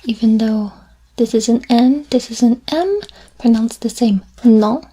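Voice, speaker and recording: A woman in a whispered role-play as a French teacher, soft-spoken and patient, repeating each word slowly. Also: on the high side, breathy edge.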